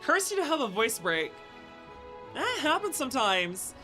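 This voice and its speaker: A woman's voice: on the high side, very animated, unhurried, sharp tone, faint music behind. A young adult woman streaming a game, chatting playfully to viewers; her voice sometimes cracks. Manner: bubbly, playful, chats to viewers. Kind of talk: casual live-stream chat. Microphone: headset with headphones.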